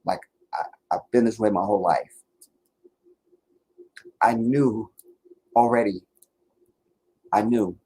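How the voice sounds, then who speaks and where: A man's voice: on the low side, fairly even intonation, slow, long pauses, mellow, husky, poor audio. A man giving an earnest, emotional commentary monologue, preaching at times. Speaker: online commentator.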